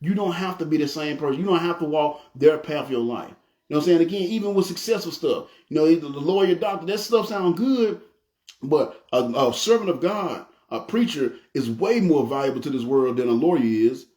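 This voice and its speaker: Folksy preacher, echoey room. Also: male voice, fairly high pitch, fairly quick. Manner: folksy, animated storytelling with acted family quotes. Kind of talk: conversational sermon.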